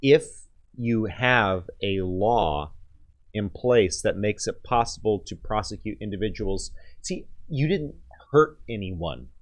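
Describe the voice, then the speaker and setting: Low-voiced hesitant talk radio host. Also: male voice, expressive, takes it slowly. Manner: hesitant, many fillers and restarts, opinionated. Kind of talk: casual talk radio discussion. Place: radio studio.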